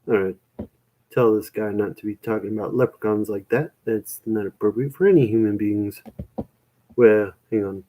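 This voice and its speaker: A man's voice: fairly low pitch, warm tone, low-quality recording. A young man rambling in a casual chat with his viewers, self-mocking and full of "man" and "dude".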